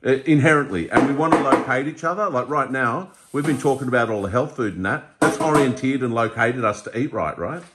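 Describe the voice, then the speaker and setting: A man's voice: medium pitch, fairly quick, few pauses, very noisy. An Australian man in his forties, chatting casually and telling stories, laughing often and acting out voices. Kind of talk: casual chat.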